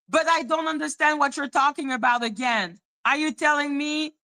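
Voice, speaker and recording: A woman's voice: high voice, normal speed, few pauses, bright, forceful tone. A woman hosting a casual live-stream commentary, blunt and irritated, sounding condescending, swearing and repeating herself.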